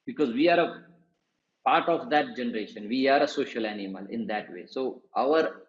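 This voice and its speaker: A man giving a patient, slow-paced spoken lesson on meditation and chanting, repeating words as he explains. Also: medium pitch. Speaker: meditation teacher. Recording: dull, roomy sound.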